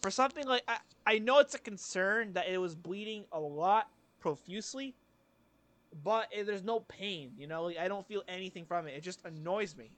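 A man's voice: high voice, normal speed, fairly bright tone. A young man co-hosting a podcast, telling a rambling story with casual swearing. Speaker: podcast co-host. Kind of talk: casual chat.

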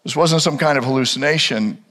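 Male pastor preaching, dramatic storytelling, bright tense voice, long hall reverb. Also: mid-range voice, a little fast. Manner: dramatic storytelling, rhetorical questions. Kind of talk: sermon.

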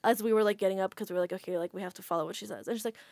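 A woman talks casually on a podcast and packs her story with "like" fillers. Her voice sits in a middle pitch. The sound is close and dry. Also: steady tone, rapid-fire, a little mellow, no room sound. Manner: chatty, frequent "like" fillers. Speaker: podcast guest.

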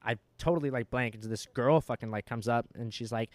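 A man's voice: mid-range voice, expressive, quick pace, darkish tone, no room sound. A young man hosting a podcast, telling a story in casual, profane chat, full of filler words. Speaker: podcast host.

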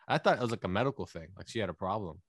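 A man casually telling rambling, animated stories while chatting with friends on a podcast. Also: fairly low pitch, very fast, dry recording, clean studio sound. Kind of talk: casual storytelling chat.

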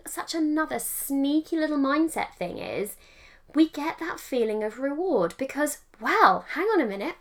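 A woman hosting a solo podcast, chatty and encouraging, who corrects herself mid-sentence and acts out quoted inner voices. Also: sits high. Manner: chatty, self-correcting, animated quoted asides. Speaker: podcast host and mindset coach.

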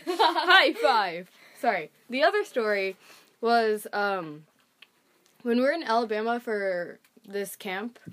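A woman's voice: medium pitch, lively intonation, unhurried. A teenage girl co-hosting a podcast, telling chatty stories and laughing often. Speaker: podcast co-host. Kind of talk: casual chat.

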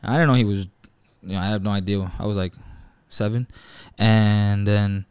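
Smooth-voiced man telling a profane story. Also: lowish voice, fairly even intonation, moderate pace, a little mellow, no echo. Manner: storytelling, profane, says "bro" and "right?". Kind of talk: casual chat.

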